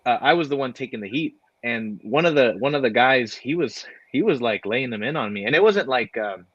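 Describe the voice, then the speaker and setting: A man, a guest wrestler, telling stories in a relaxed way, with lots of fillers and laughter. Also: mid-range voice, no room sound. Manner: laid-back, many fillers, laughs while telling stories. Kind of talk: casual storytelling. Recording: dry, dull lo-fi audio.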